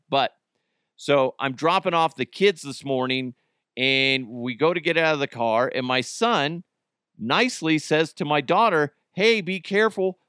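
An American podcast host in his thirties chats casually by himself, acting out quotes as he tells animated stories. His voice is a little high, clear and resonant, recorded dry with clean studio sound.

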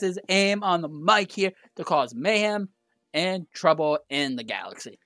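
Teasing bright-voiced male co-host. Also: fairly high pitch, expressive, a little slow, dry recording, clean studio sound, faint music behind. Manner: teasing, jokey banter. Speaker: podcast co-host. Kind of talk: casual gaming podcast chat.

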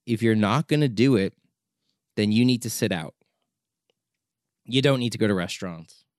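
A documentary filmmaker giving an impassioned opinion monologue, exasperated and urgent, often repeating words for emphasis. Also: male voice, lowish voice, no room sound, studio quality.

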